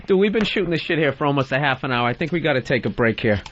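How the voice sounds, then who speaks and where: A man's voice: mid-range voice, lively intonation, racing, fairly bright tone, a little hiss or hum. A male comedian hosting a radio show, needling his co-host with sarcastic banter. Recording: dull lo-fi radio audio.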